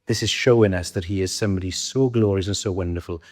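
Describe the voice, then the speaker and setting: A man's voice: low-pitched, fast, darkish tone. A man preaching a sermon in a conversational way, often asking the congregation questions. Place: church hall. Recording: long church reverb.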